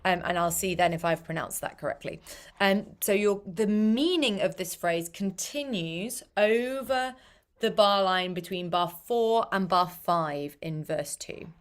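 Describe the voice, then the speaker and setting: Woman choir coach, slow patient diction demos, repeats sounds a lot. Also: lowish voice. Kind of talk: language coaching for singers.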